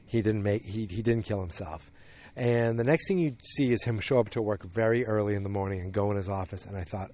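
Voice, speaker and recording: A man hosting a podcast, casually recapping a TV episode in a rambling, animated way. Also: on the low side, brisk, hardly any pauses. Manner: rambling, animated retelling with acted quotes. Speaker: podcast host.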